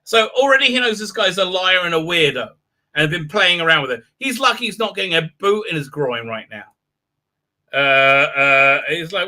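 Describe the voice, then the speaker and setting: A man's voice: high-pitched, big pitch swings, normal speed, pushed and bright. A man hosting a live stream, recapping an episode in a rambling, sarcastic way with many fillers. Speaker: show host.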